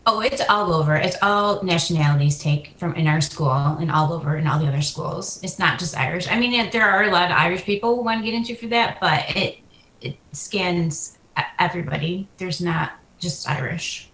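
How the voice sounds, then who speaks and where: A soft-spoken woman guest joining a TV interview over a video call. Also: lowish voice, a little fast. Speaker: guest, dance school co-founder. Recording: echoey video call audio.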